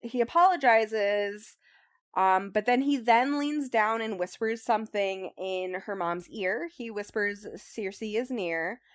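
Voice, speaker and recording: A woman's voice: mid-range voice, a little slow, smooth, dry recording, studio quality. A young woman hosting a book club, casually recapping a novel in a chatty way with lots of fillers. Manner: chatty, filler-heavy recap with frequent ums and likes. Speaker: book club host summarizing the book. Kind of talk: casual chat.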